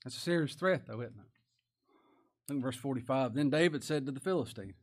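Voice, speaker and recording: A man preaching a sermon as pastor, chuckling often and rising to loud emphatic bursts. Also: medium pitch, normal speed.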